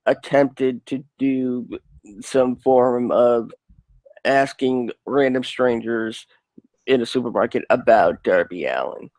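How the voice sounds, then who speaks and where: Male co-host, mid pitch, jokey, dry close sound. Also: takes it slowly, darkish tone, no room sound, rough recording. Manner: jokey, laughs often. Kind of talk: casual podcast chat.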